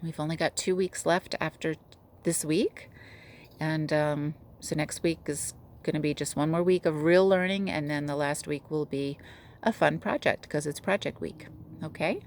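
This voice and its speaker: A woman teacher reading a children's novel aloud to her class in a steady, gentle way. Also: deep voice, moderate pace, slight background noise.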